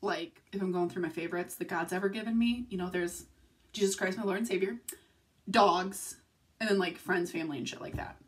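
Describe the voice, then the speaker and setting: Filmed at night in a room at home, a young woman with a lowish voice talks fairly fast in a casual confessional vlog. She rambles off on tangents and swears often.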